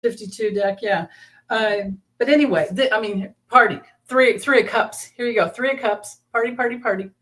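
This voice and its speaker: A woman hosting a live tarot reading, talking in a rambling, halting way as she explains the cards in a casual chat. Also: fairly high pitch, fairly bright tone. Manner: rambling, halting, with frequent restarts and laughter. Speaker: tarot reader, channel host.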